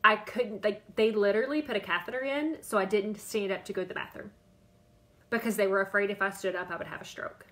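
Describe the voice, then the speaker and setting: A brisk, mid-range female voice belongs to a diet coach in her thirties or forties hosting a Facebook Live. She's chatty, repeats herself, and calls out viewers by name.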